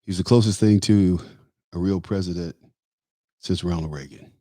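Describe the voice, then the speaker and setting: Deep-voiced opinionated male talk host. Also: steady tone, normal speed, mellow, no echo, studio quality. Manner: opinionated, emphatic, rambling with fillers. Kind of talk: political commentary monologue. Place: Tampa area.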